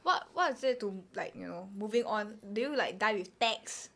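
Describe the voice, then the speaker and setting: A woman co-hosting a podcast in casual chat, animated and teasing, with quick exclamations. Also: medium pitch. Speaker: podcast co-host.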